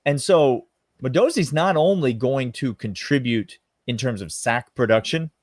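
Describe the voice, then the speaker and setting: A man, co-hosting a casual sports podcast in an emphatic, animated way. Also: medium pitch, a little slow, no echo. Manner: emphatic, animated, drawls "y'all". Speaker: podcast co-host.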